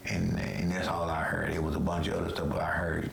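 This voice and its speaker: A man with a low, gravelly voice recounts his own story in a casual, heartfelt testimony. His delivery is earnest and conversational. The room around him rings with a noticeable echo. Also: monotone, brisk, few pauses, faint music behind. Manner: earnest, conversational, emotional retelling. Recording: roomy echo.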